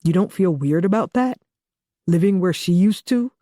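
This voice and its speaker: A woman's voice: fairly low pitch, lively intonation, normal speed, mellow, no room sound, lightly acted. Audiobook: female reader doing a blunt, joking young guy with a foul mouth; dry, close read. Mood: prodding. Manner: profane, teasing, matter-of-fact. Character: blunt joking young man, protective soon-to-be father. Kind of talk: audiobook dialogue reading.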